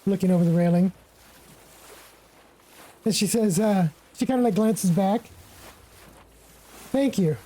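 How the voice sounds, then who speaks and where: A woman narrating as game master of a tabletop game, relaxed and full of casual fillers. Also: medium pitch, moderate pace, pauses often, rough recording. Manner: relaxed, with many fillers like "kinda" and "like".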